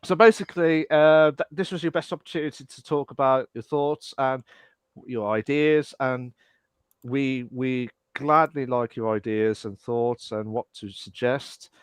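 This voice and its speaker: A man co-hosting a casual live podcast, rambling through his points with lots of fillers and quick apologies. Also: mid-range voice, clear, resonant tone, no room sound. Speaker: podcast co-host.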